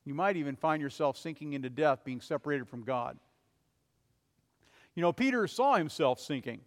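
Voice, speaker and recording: Male pastor, earnest sermon delivery with urgent swells, slightly higher voice, long hall reverb. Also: lively intonation, normal speed. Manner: earnest preaching, rising to urgent cries and dropping to soft, low passages.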